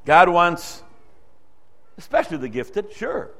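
A man's voice: sing-song, takes it slowly. A man preaching a sermon, telling a testimony story in an earnest, storytelling way, his voice rising and falling. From Dutch-speaking background. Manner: earnest storytelling preacher, rises and drops in pitch and loudness.

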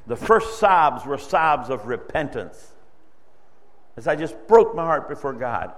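A male preacher delivering an emotional sermon, swinging from loud exhortation to hushed storytelling. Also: mid-range voice, big pitch swings, a little slow. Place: church sanctuary. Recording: long reverb of a large hall.

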